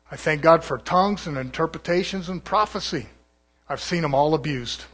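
A man's voice: on the high side, a bit bright. A man, a pastor, preaching a folksy, conversational sermon and sometimes mimicking other preachers.

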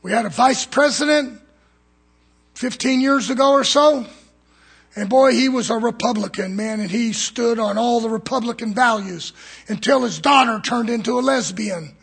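Gravelly, raspy preacher man. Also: normal speed. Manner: fiery preaching that swings from shouts to low murmurs. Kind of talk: fiery sermon. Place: church.

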